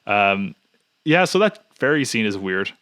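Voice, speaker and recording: A man's voice: lowish voice, sing-song, unhurried, a bit bright, no echo, studio quality. A man hosting a podcast in casual chat, rambling and nitpicking with many restarts. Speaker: podcast host.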